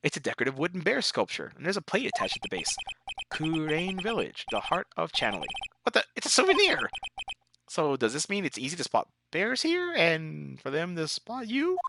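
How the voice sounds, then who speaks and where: Lively let's player reading game text. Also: medium pitch, fairly quick, gravelly, noisy background. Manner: reads game text aloud with joking asides. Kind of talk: casual gameplay reading. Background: game music.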